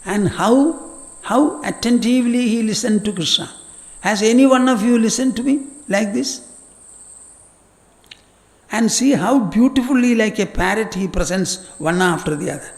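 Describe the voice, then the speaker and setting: An elderly man, giving an earnest scripture lecture as a spiritual teacher, explaining verses deliberately to his listeners. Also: sits high. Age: older. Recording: long hall reverb.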